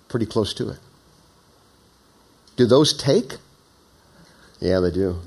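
A middle-aged man preaches, moving between stories and scripture. He drops to a hushed, low voice, then climbs high and loud to press a point home. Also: expressive, takes it slowly, pauses often, breathy edge. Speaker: pastor. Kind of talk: sermon.

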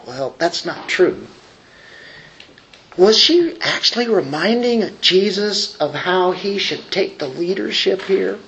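A man gives an animated, conversational sermon in a high, fairly bright voice with vocal fry, lingering on key words for emphasis and slipping into asides. Fillers and restarts are frequent, and the low-quality recording has some hiss or hum.

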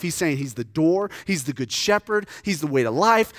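A man's voice: high voice, big pitch swings, moderate pace, few pauses, no room sound, studio quality. A man preaching a sermon in an earnest, conversational way, often restarting his sentences. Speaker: pastor.

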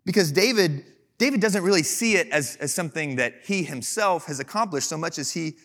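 A pastor from Texas delivering a sermon, his voice sitting a touch higher than most men's. He moves between Bible reading and loose, animated storytelling with a joking edge, speaking casually and freely. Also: fairly quick.

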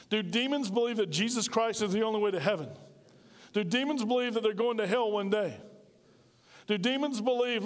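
A man delivers an emphatic sermon, pressing his listeners with one rhetorical question after another. His voice sits high for a man. It rings out with the long reverb of a church hall. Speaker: pastor.

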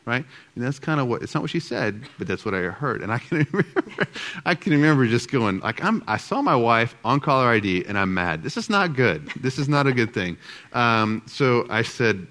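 A middle-aged man speaking to an audience as a marriage speaker, telling stories in an animated way and acting out both sides of remembered conversations. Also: mid-range voice, normal speed. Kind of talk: storytelling talk to a live audience.

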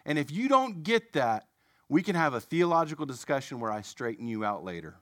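A man preaching a sermon, telling a story in a conversational, animated way with self-deprecating asides. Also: a little high, fairly quick, dry recording, clean studio sound.

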